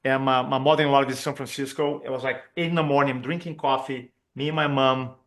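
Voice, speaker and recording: A man from Brazil, a communication trainer telling a personal story during a talk for chiropractors, earnest and expressive as he acts out the dialogue. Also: mid-range voice, quick pace. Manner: earnest and expressive, acts out quoted dialogue, with frequent fillers and restarts.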